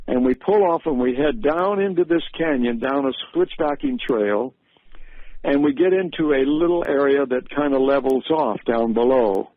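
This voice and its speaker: A man recounting a vision on a radio show in an unhurried way, with many fillers and restarts, heard over a tinny phone-like line. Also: mid-range voice, no echo.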